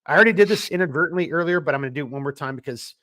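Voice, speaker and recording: A man's voice: a little high, lively intonation, racing, pushed and bright. A man from Minnesota co-hosting a podcast, talking bluntly and swearing as he rants in casual political chat. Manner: blunt, swears, worked-up ranting. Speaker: podcast co-host; small business owner.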